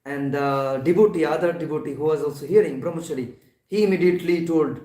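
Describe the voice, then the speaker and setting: A man delivers a devotional talk in a temple hall, pausing often and restarting his sentences. His voice sits a little high. The sound is roomy and picked up from some distance away. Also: dark tone. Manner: halting, many fillers and restarts. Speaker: temple lecturer. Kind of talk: devotional class.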